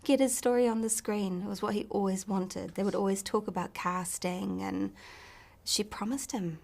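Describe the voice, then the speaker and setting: A woman with a New Zealand accent, an actress chatting in an interview, softly and often dropping to a near-whisper. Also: medium pitch, fairly even intonation, moderate pace, vocal fry. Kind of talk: casual interview chat.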